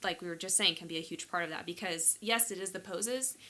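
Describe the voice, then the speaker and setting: A woman from the US Midwest, a podcast co-host in casual chat, wry and quick to laugh. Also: on the low side. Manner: bright, wry, laughs easily.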